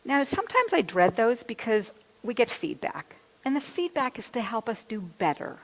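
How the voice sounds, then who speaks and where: A woman minister with a slightly high, very animated voice preaches at a moderate pace, her words ringing with long hall reverb. Her sermon is a candid, confessional personal story in which she quotes her own thoughts aloud.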